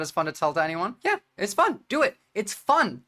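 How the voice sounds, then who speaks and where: A woman with a New Jersey accent streaming and talking bluntly, swearing often and speaking in quick bursts. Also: medium pitch, big pitch swings, a bit bright. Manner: blunt, profane, rapid-fire. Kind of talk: livestream commentary.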